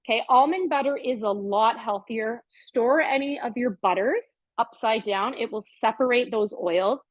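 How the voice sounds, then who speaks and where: A middle-aged woman hosts a casual cooking demonstration in her home kitchen, chatting upbeat as she works. Her voice is a little high and a little slow, and the recording is dry, dull, and lo-fi.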